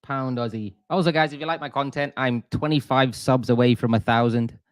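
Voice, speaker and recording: A man's voice: medium pitch, steady tone, brisk, dry recording. Chatty man streaming trade talk. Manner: chatty, self-deprecating, lots of restarts. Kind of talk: live-stream trading commentary.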